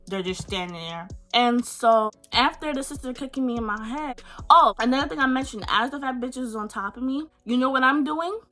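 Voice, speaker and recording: An eighteen-year-old woman from Pennsylvania telling a storytime vlog in an animated, emphatic, indignant way, full of slang, recorded on a phone. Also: fairly high pitch. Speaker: vlogger.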